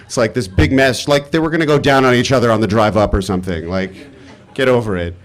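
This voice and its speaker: A man telling a personal story live on stage, animated and exasperated, swearing freely. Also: mid-range voice, quick pace.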